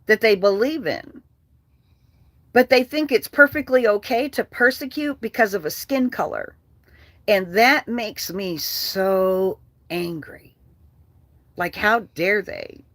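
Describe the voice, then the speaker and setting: In a dry recording, an older woman with a medium-pitched voice runs a casual livestream. She reads viewers' comments aloud, ranting with blunt, profane language.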